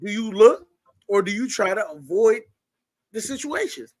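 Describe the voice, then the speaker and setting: A man hosting a casual group chat, animated and putting questions to his guests. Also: sits high, moderate pace, dry recording. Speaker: podcast host.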